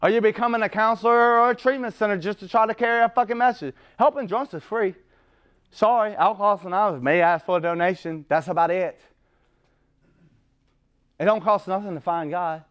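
A man's voice: high voice, fairly quick, fairly bright tone, clean tone. A middle-aged man speaking at a recovery meeting, rambling and blunt, swearing freely and laughing at himself. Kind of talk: profane, blunt recovery talk.

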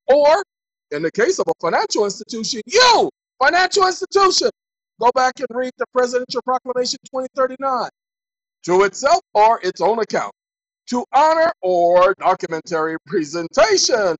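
A fairly high-voiced woman lectures her viewers in a casual, emphatic way. She reads legal definitions aloud and repeats key phrases for stress. Now and then she raises her voice to a near shout. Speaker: online commentator.

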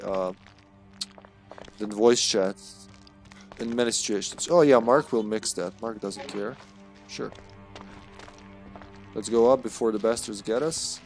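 A man giving live commentary while he plays a game, excitable and joking, swearing freely and calling out to his teammates. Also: medium pitch. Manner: jokey, laughs often. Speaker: streamer.

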